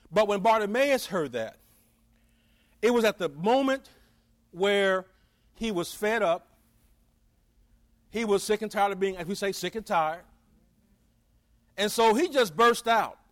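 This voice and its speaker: High-voiced preacher, conversational sermon. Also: male voice, animated, normal speed, pauses often. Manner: conversational, folksy, acts out quoted voices.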